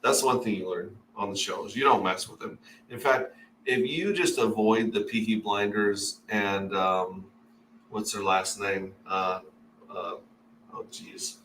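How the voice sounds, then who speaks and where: A man's voice: lowish voice, unhurried, a bit bright, a little hiss or hum. A man hosting a casual livestream, rambling and reading viewer comments aloud. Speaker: livestream host. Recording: echoey room, mic at a distance.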